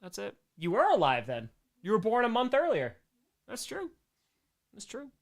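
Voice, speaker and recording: A man hosting a live stream, reacting to his own home videos with excitable, self-mocking jokes. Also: sits high, normal speed, gravelly. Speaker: streamer host.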